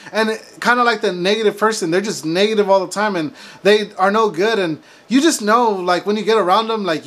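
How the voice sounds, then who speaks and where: Casting: man with a very high voice, preacher-like faith vlogger, emphatic. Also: a bit bright. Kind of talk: preachy motivational monologue.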